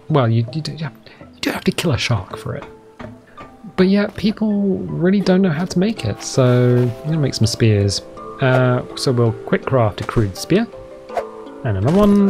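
Chatty gaming-channel man, casual play-along commentary, very lively pitch, music bed faintly behind. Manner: chatty, explains game steps while playing.

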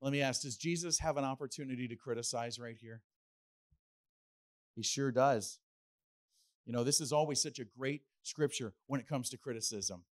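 A middle-aged man preaching a sermon as pastor, animated and playful, slipping into acted asides. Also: mid-range voice, normal speed, pauses often.

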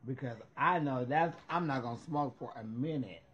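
A man hosting a casual chat, swearing freely, excitable and loud when reacting to gossip. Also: mid-range voice, moderate pace, slightly rough, muffled recording. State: high, burping. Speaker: host.

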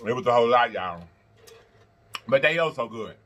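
A man hosting an eating-show vlog, chatting to viewers between bites, animated and quick to laugh. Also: medium pitch. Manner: animated, talks straight to viewers, laughs and chants; talks while eating and blowing on hot food. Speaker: mukbang host.

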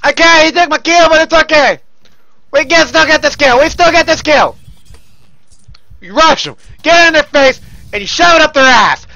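A man commentating his own gameplay, loud and profane, often yelling into a close desk mic. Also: very high voice, expressive, normal speed, long pauses, dry recording, muffled recording.

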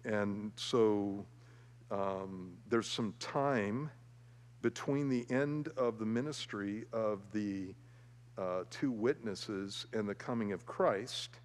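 A man preaching a verse-by-verse Bible teaching as a pastor, speaking conversationally with many fillers and restarts and getting animated when he tells stories. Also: fairly low pitch, slow, in a large hall. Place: church sanctuary.

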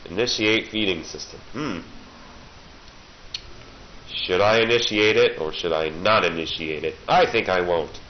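A man's voice: low voice, unhurried, long pauses. A man with a cold giving casual, sarcastic gameplay commentary and playfully taunting the enemies he fights. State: has a cold. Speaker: let's play gamer. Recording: dull lo-fi recording with faint hiss.

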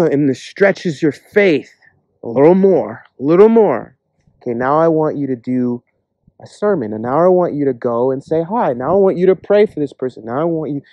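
A man preaching a casual, earnest sermon, acting out imagined voices in quick asides. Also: fairly high pitch, warm tone, no room sound, dull audio.

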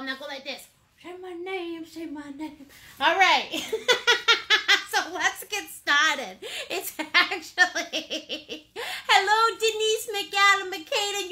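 A painting instructor with a Maine accent leads a live class, bubbly and playful, greeting viewers with pet names and chatting with endearments. Her voice is extremely high and sharp.

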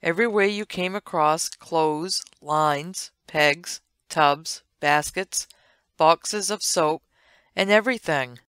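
A woman narrating an old comic strip as a read-along storybook, with a gentle, sing-song delivery and playful asides. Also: low voice, slow, smooth, no room sound, clean studio sound.

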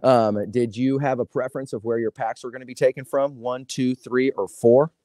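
A man's voice: medium pitch, fairly even intonation, moderate pace, warm tone, dry recording, clean studio sound. A laid-back man hosting a live card box break, chatting casually in slang. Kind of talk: casual live-stream chat.

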